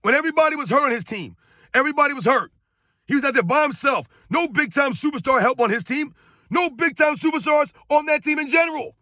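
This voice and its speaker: High-pitched man ranting about sports. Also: lively intonation, fast, pushed and bright, no echo, studio quality. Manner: emphatic, repetitive, scornful. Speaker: sports commentator.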